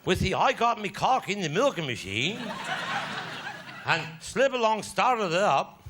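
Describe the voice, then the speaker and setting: Cornish male stand-up, high, animated voice, crude tall tales, live recording with clear background noise. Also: unhurried. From Cornwall. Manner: broad, bawdy yarn-spinning with crude punchlines. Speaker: stand-up comedian. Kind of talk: stand-up storytelling.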